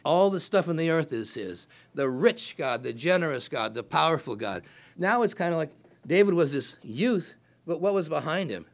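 A man's voice: a little high, expressive, normal speed. Man preaching, reading scripture. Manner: reads verses aloud, breaks in with emphatic rhetorical questions.

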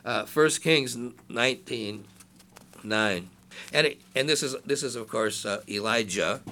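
An older man in his sixties gives a chatty sermon, full of asides and jokes to the people in front of him. His voice is gravelly with a bright, forceful edge, and it rises whenever he reads scripture aloud. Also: medium pitch. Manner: conversational preaching with asides and jokes. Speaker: pastor.

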